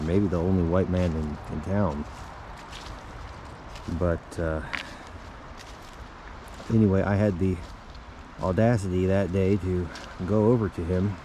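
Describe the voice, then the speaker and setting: A man telling a rambling deadpan comic tall tale, halting often and restarting his sentences. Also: low voice, background noise. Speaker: storyteller.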